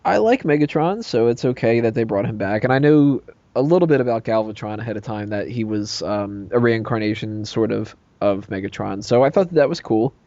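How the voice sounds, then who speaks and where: A man in casual podcast talk, voice mellow and low in brightness, close and dry with no room sound. He talks in an animated, jokey way, and the recording sounds slightly muffled. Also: a little fast, no echo. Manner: animated, jokey, quotes lines in put-on voices. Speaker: podcast co-host. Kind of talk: casual movie review chat.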